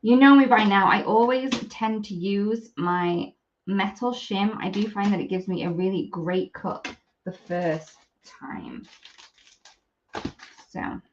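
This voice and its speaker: A woman's voice: medium pitch, slow pace, dull audio, background noise. A woman demonstrating craft products on a live stream, chatty and apologetic as she works. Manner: chatty, apologetic, talks while working.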